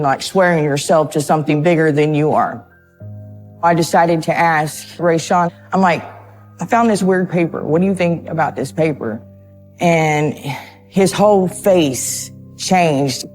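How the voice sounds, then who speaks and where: Nervous, halting woman giving testimony. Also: low voice, a little mellow. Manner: halting and hesitant, repeating words. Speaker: interviewee in a true crime documentary. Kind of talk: emotional interview testimony.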